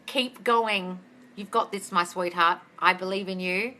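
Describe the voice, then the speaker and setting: A woman's voice: medium pitch, a little slow, bright, forceful tone. A woman coaching viewers on a live stream, reading their comments aloud, calling them darling, and swearing freely as she gives blunt advice. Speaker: manifestation coach answering live questions. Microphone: phone or webcam on a live stream.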